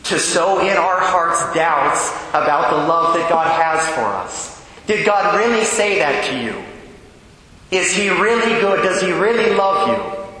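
A man's voice: a little high, pushed and bright, a little hiss or hum. A male Catholic priest giving a homily, earnest, asking his listeners many direct questions. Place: large church. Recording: very echoey church with long reverb.

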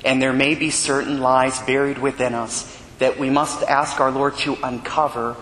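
Earnest priest preaching in echoey church. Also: male voice, normal speed. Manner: earnest storytelling preacher, rising animated when retelling dialogue. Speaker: Catholic priest. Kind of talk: sermon. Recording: echoey church hall with long reverb and faint rumble.

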